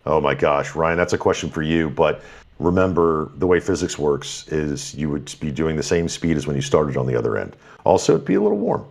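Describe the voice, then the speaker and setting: Low-voiced guy hosting a rocket stream, upbeat and a bit tired, lots of ums. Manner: upbeat, thankful, quick rundown with fillers and restarts. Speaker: livestream host. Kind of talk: live stream commentary, reading super chats.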